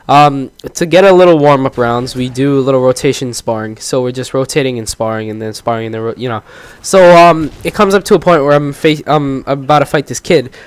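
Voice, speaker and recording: A man's voice: mid-range voice, clean tone, no echo. A teenage guy hosting his own channel, telling a long story in a rambling way, full of fillers and restarts. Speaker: gaming channel host. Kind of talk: casual storytelling commentary.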